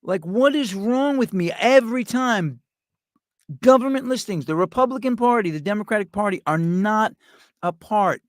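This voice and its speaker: A man's voice: high voice, animated, normal speed, dry recording, studio quality. A middle-aged man, hosting a show with a rambling, profane, sarcastic comedic rant. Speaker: podcast host.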